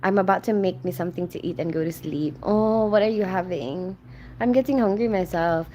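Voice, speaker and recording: A woman's voice: on the low side, fairly quick, dark tone, slight background noise. A woman hosting a casual livestream, chatting in a friendly way, greeting viewers by name and reading their comments aloud with many fillers. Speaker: livestream host.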